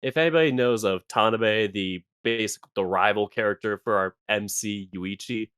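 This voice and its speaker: A man's voice: fairly low pitch, moderate pace, a bit bright, clear, resonant tone, no echo, studio quality. A man voice actor chatting on a podcast, enthusiastic and rambling. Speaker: voice actor guest. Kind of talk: casual podcast chat.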